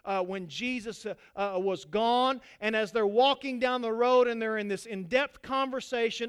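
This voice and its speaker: High-pitched smooth-voiced preacher man. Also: normal speed, few pauses. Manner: preaching with shifts between loud exhortation and quiet asides. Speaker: pastor. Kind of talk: sermon.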